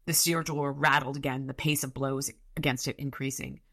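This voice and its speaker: A woman podcast co-host reading a novel aloud in a lively, animated way. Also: rumbling low, moderate pace, creaky.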